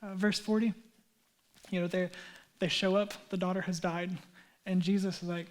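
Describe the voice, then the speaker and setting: A man's voice: high-pitched, level tone, moderate pace, pauses often. A man in his thirties, a pastor preaching a sermon in an earnest, conversational way with casual asides.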